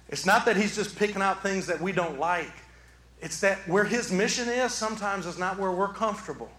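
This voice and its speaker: A man preaching a sermon from the pulpit, animated, swinging from quiet talk to shouting. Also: a little high. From southeastern Michigan. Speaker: pastor. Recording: echoey hall.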